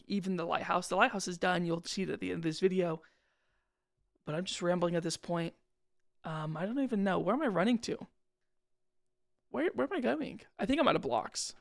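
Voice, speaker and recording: A young man talking loosely over his gameplay footage, drifting from one thought to the next. His voice has a gravelly, fry-heavy edge, and he keeps poking fun at himself in casual slang. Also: high-pitched, fairly bright tone. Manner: rambling, self-deprecating, slangy. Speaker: gaming channel host.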